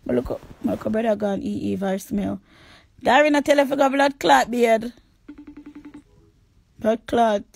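A woman with a Jamaican accent ranting on a phone livestream, crude and taunting, repeating insults and sometimes shouting. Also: a little high, a little slow, vocal fry, pauses often, dry recording. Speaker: livestream host. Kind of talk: angry livestream rant.

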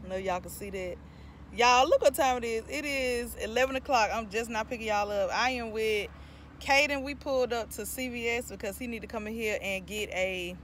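A woman's voice: a little high, a bit bright, slight background noise. A woman in her thirties with a North Carolina accent, vlogging chattily to her phone from her car and a store while venting her irritation. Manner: talkative, irritated venting, addresses viewers as y'all. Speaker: mom vlogger. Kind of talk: chatty vlog talk to camera. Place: parked car, then inside a store.

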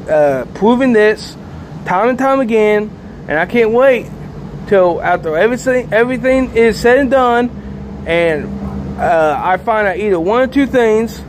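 Guy with a really high voice rambling on and on to his camera outside, repeats himself, faint traffic hum behind. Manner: rambling, repetitive, agitated. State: sleepy. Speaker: vlogger. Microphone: handheld camera.

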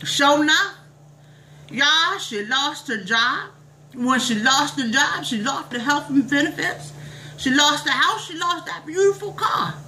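Brief: woman as a preachy church lady, lively sing-song pitch, exclamatory and drawn out. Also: a little hiss or hum, heavily acted, low-quality recording. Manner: exclamatory, sermonizing, drawn-out drawl. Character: preachy, bossy middle-aged church lady. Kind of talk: comic monologue storytelling.

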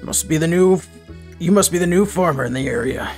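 A man's voice: on the high side, brisk, a little mellow, faint music behind, lightly acted. A man voicing a cold, impatient wizard in a video game, curt and dismissive.

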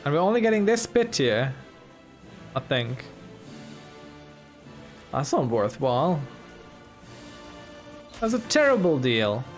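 A man's voice: fairly high pitch, big pitch swings, slow pace, pauses often. A man commenting casually on his own strategy game, musing and talking to himself playfully. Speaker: gaming video host. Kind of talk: casual let's-play commentary. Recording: soft game music behind.

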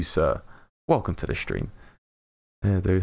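An English man with a low, creaky, fairly bright voice chats with viewers while live-streaming a game. He's very animated but takes his time, greeting people by name and laughing often in an upbeat way.

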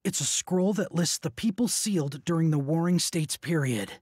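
An actor playing a calm, analytical adult male ninja advisor in a game cutscene, husky and explanatory. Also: on the high side, moderate pace, no room sound, studio quality. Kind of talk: video game cutscene dub.

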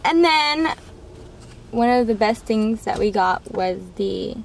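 A woman's voice: a little high, animated, slow, gravelly, slight background noise, low-quality recording. A young woman vlogging with her twin sister, eager and chatty in casual talk. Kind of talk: casual chat.

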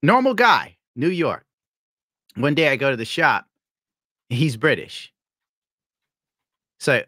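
A man chatting casually on a podcast, telling animated stories and mimicking voices. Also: medium pitch, slow pace, pauses often, no room sound, studio quality. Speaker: podcast co-host.

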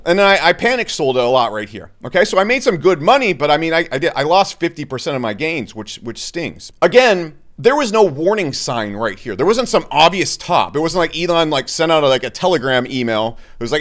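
A man's voice: on the high side, sing-song. A man giving blunt, opinionated market commentary to camera as a YouTuber, exasperated and mocking the people he talks about. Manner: blunt, exasperated, mocks others in quick put-on voices. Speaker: crypto YouTuber.

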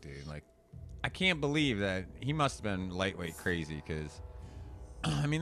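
A young man telling a profane story in animated rants while commentating a card game. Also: lowish voice. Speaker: gameplay commentator. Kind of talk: casual storytelling over gameplay.

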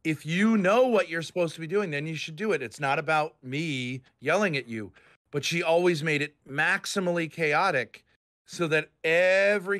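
A man's voice: a little high, a bit bright. A man in his fifties from Rhode Island, ranting angrily and profanely on a voice call. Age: 50s. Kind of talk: heated online group chat.

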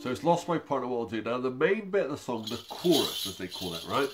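A man hosting a music session for babies and toddlers, talking to them in a gentle, chatty way. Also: medium pitch, big pitch swings, quick pace. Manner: gentle, chatty, talks directly to small children. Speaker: children's music session host. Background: ukulele playing.

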